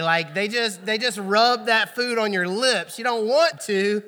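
A man's voice: high-pitched, steady tone, normal speed, few pauses, sharp tone. A man preaching a sermon in a church auditorium, talking to the congregation in a conversational way and asking them for responses. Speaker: pastor. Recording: long hall reverb.

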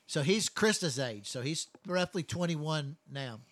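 A man's voice: fairly high pitch, lively intonation, unhurried, a bit bright, no room sound. A man telling long, profane stories from his work as a first responder in a casual chat. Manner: profane, rambling, blunt.

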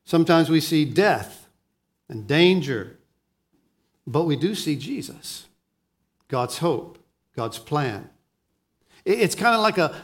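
A pastor delivers a sermon, alternating between quiet, low passages and loud, spirited ones. He frequently restarts his words.

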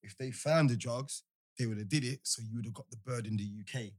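A man's voice: medium pitch, brisk. A man in casual chat, breaking in to explain things in slangy asides.

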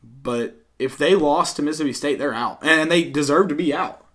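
A man's voice: on the high side, normal speed. A young man from Tennessee co-hosting a casual sports podcast, rambling with many fillers. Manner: rambling, many fillers, mock-yells impressions. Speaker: podcast co-host.

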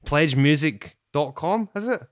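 A man's voice: fairly high pitch, animated, unhurried, dry recording. A man hosting a podcast, bantering in a cheeky, teasing way. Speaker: podcast host. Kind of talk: playful casual chat.

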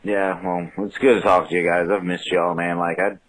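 A man's voice: low-pitched, level tone, normal speed. A man with a Carolina accent leaving a rambling, profane voicemail over a phone line. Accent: Carolina Southern US. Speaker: caller.

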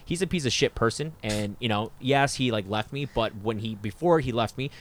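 A man's voice: mid-range voice, fairly quick, a little hiss or hum. A man in casual podcast chat, rambling and swearing, with lots of fillers and restarts.

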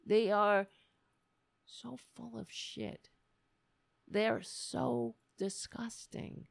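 A woman's voice: fairly high pitch, steady tone, very slow, gravelly, no room sound. A woman hosting her own show, talking in a casual, sarcastic, profane rant. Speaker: show host. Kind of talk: casual ranting monologue.

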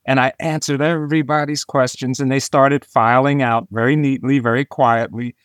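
A man spins a story for an interview, lively and expressive, acting out each bit of dialogue. His voice sits in an ordinary middle pitch. The recording is dry and close, with no room sound. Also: moderate pace, dry recording. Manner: animated storyteller who acts out quoted dialogue. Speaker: illustrator, interview guest. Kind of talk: storytelling in conversation.

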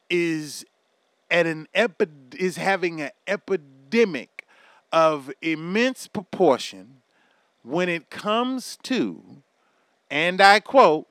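A man with a high, smooth, resonant voice rants with heavy profanity and big swings in energy. The sound is dry and close, with no room around it. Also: no echo. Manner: loud, profane, animated ranting with laughs. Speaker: commentary vlogger. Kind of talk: profane rant to camera.

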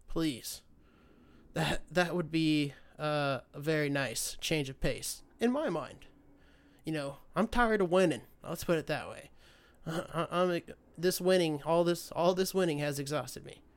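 A man hosting a podcast, ranting in a loose, profane, sarcastic way. He wanders off, loses his thread and restarts sentences. His voice is smooth and resonant and sits a bit high for a man. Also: a little slow. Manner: loses his train of thought, restarts often. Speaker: podcast host. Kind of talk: casual solo political rant.

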